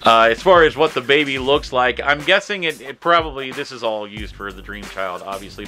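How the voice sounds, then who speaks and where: Bright-voiced chatty male host. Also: medium pitch. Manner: chatty, self-mocking, loose with fillers. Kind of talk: casual retelling of a film script.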